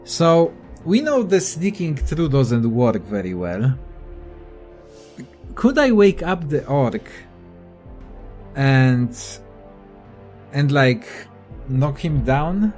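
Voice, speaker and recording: A man's voice: mid-range voice, big pitch swings, very slow, pauses often, a little mellow, soft background music. A young man casually commenting on a video game and reading its text aloud, offhand and profane. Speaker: let's play gamer.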